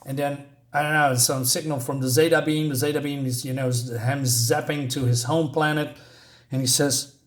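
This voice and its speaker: A man's voice: mid-range voice, fairly even intonation, normal speed. A man giving a casual spoken comic book review, rambling and ranting with lots of fillers and restarts.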